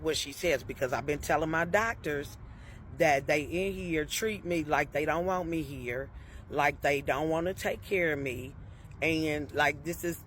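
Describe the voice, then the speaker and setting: A woman with a low, slightly bright voice tells a personal story in a casual, chatty way, with slight background noise. She laughs often between sentences and keeps turning to her listeners with "y'all" and "okay?".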